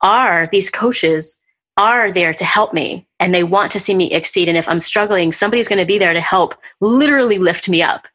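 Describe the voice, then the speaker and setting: A woman hosting a podcast, chatting casually and telling a personal story with lively, acted-out retellings. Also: on the low side, normal speed. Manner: animated storyteller, acts out what people said. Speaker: podcast host.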